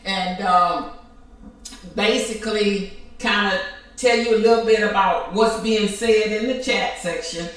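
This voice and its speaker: Slow-talking woman host, echoey room. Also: mid-range voice, steady tone, a bit bright. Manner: unhurried, reads from the chat. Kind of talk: conversational interview hosting. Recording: echoey room, distant mic.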